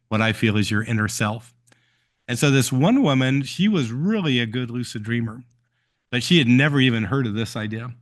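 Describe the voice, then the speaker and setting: A man with a medium-pitched voice hosts a live stream, answering viewer questions and telling stories in a relaxed way. His speech is full of ums and uhs.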